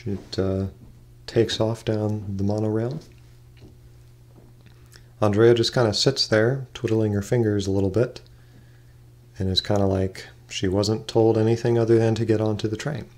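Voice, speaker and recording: A man's voice: lowish voice, fairly even intonation, moderate pace, pauses often, darkish tone. A man narrating a role-play game casually as game master, in a loose, hesitant way. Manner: loose, hesitant, full of "kinda like".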